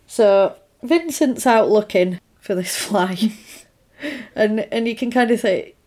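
A woman casually recapping an old film on a podcast. She narrates the plot in an easygoing way and slips into quick character voices when she quotes a line. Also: mid-range voice. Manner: animated retelling, acting out characters' lines. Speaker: podcast co-host.

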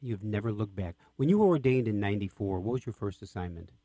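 A man's voice: lowish voice, lively intonation, quick pace, dark tone, no echo. A man hosting an interview who asks questions with enthusiasm. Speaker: host, interviewer. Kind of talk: radio interview.

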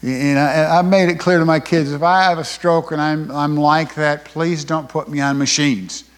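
An older man preaching a sermon as pastor, folksy, swinging from loud emphasis to hushed asides. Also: on the high side, steady tone, moderate pace. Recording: long hall reverb.

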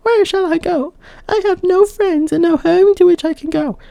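Brief: timid fairy-tale maiden, shrill falsetto, dark tone underneath. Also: male voice, normal speed, creaky, dry recording. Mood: pleading. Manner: high falsetto, pleading. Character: young frightened maiden, gentle and pleading.

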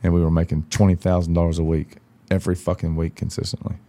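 A man with a very low, gravelly voice telling stories as a podcast guest. His tone is dark and heavy, and he swears freely and bluntly. He slips into the voices of the people in his stories. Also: level tone, quick pace. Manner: profane, blunt, acts out quoted dialogue. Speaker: podcast guest, country singer. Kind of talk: casual storytelling chat.

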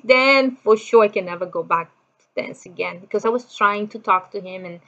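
A woman's voice: medium pitch, moderate pace, pushed and bright, lo-fi sound. A middle-aged woman from Brazil with a Brazilian Portuguese accent, telling a personal story in a chatty way, full of "you know" fillers and acted-out quotes.

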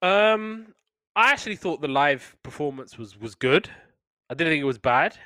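A man co-hosting a casual chat, animated and playful, often slipping into quick voices. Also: on the high side, no room sound. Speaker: podcast co-host. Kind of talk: casual chat about wrestling.

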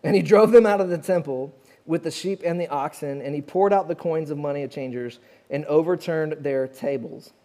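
A man's voice: on the high side, normal speed, mellow. A man preaching a sermon to his congregation in a conversational way, with restarts and asides to the crowd. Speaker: pastor.

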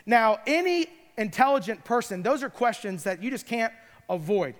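A man's voice: high voice, expressive, moderate pace, in a large hall. A middle-aged man preaching a sermon, retelling scripture stories with playful asides. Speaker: pastor.

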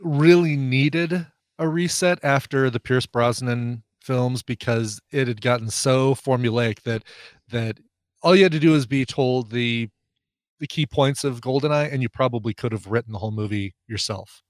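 A man's voice: mid-range voice, normal speed, dry recording, studio quality. A man co-hosting a podcast, chatty and opinionated in casual talk. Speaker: podcast co-host. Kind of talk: casual chat.

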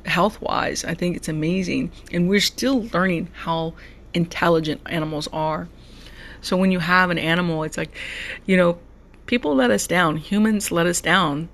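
A podcast host in a heartfelt solo monologue, speaking with a gravelly, fry-edged voice at a middle pitch. The talk is emotional and personal. Words are often repeated and restarted. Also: fairly bright tone. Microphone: podcast mic.

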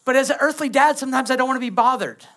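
A man's voice: extremely high pitch, very fast, a bit bright. A man, preaching a sermon as pastor and acting out quoted kids and prayers.

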